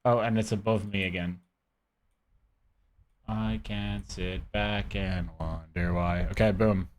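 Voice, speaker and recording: A man's voice: deep voice, fairly even intonation, slow pace, pauses often. A man streaming a game live from his own room, rambling casually and chatting with his viewers. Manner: rambling, chatty, talking to chat.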